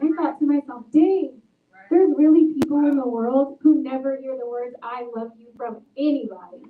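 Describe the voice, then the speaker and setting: A woman's voice: sits high, normal speed. A woman author speaking at a book talk, telling stories earnestly and reflectively. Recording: tinny, echoey, far from mic.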